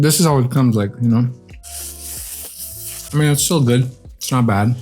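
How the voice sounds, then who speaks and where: A man at a mid pitch talks loosely to his viewers, eating and chatting as he goes. His talk rambles with fillers and restarts, and soft guitar music plays faintly behind him. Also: moderate pace, long pauses. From grew up outside the USA. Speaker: vlog host. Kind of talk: casual chat while eating on camera.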